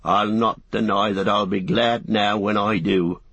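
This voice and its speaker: A man's voice: fairly low pitch, steady tone, measured pace, a bit bright, slightly rough, dry recording, full character voice. A man voicing a blunt, kindly hobbit farmer with a plain country way of talking, in an audiobook. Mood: hearty. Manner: country dialect, plain-spoken. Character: gruff rustic middle-aged hobbit farmer, blunt and kindly. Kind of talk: audiobook character voice.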